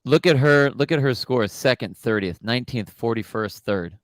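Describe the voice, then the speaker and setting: A man's voice: medium pitch, normal speed, no echo. A man co-hosting a sports podcast in laid-back casual banter. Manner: laid-back, says dude.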